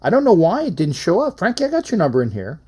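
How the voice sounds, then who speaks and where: Man, call-in show host, casual sports chat, rambling, slightly high voice, mellow tone. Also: wildly swooping pitch, fast, husky. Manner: rambling and repetitive, reads out phone numbers.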